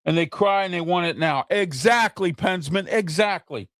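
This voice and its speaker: A man's voice: high-pitched, normal speed, fairly bright tone, no echo, studio quality. A man hosting his own opinion talk show, speaking heatedly and repeating himself, often checking in with "okay?". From United States. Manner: heated, repetitive, keeps asking "okay?".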